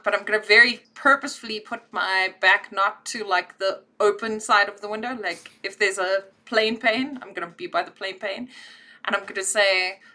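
A woman takes part in a tabletop role-playing game as a player. She describes her character's actions briskly and decisively, in a bright voice. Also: mid-range voice.

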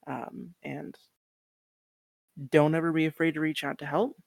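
A woman's voice: low-pitched, flat delivery, measured pace, vocal fry, no room sound. A woman speaking as a guest on a podcast interview, earnest and encouraging, with some casual swearing.

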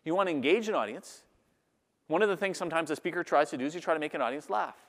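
A man giving a lively talk to a live audience, acting out the voices of the people he describes. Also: a little high, very fast. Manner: animated, acts out audience voices. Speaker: public speaker. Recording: long hall reverb.

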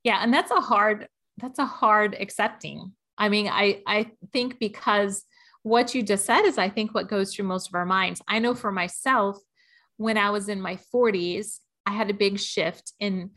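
A woman's voice: medium pitch, measured pace, a bit bright. Candid woman in her early fifties. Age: 50s. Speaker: podcast co-host. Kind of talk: casual podcast chat.

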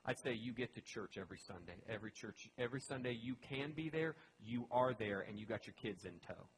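A man's voice: mid-range voice, lively intonation, a little fast, noisy background. A man pastor giving a conversational sermon, earnest and emphatic, often restarting his phrases.

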